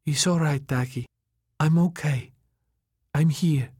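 Man voicing a soft husky woman. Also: fairly high pitch, takes it slowly, no echo, studio quality, pitched above the performer's own voice. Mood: reassuring. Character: soft-voiced husky woman, wry and calm.

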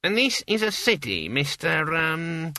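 A man's voice: a little high, big pitch swings, a little slow, pushed and bright, no echo, studio quality, pitched above the performer's own voice, heavily acted. A man voicing a prim, officious thin young clerk.

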